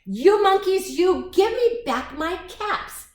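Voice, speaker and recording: A woman voicing an angry male cap peddler who scolds slowly and loudly. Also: very high voice, flat delivery, voice pushed up, heavily acted. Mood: angry scolding. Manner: slow, loud, stern scolding. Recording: echoey room, faint noise.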